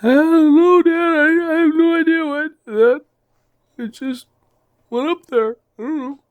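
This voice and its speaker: A squeaky, bewildered little boy. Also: fairly even intonation, measured pace, dry recording, phone-quality sound. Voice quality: squeaky falsetto. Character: frightened little boy, confused and whiny.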